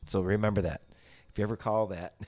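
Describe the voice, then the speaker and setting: A man's voice: lowish voice, steady tone, fast, a little mellow. A middle-aged man chatting casually as a podcast guest, rambling with many restarts and salty language. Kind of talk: casual chat.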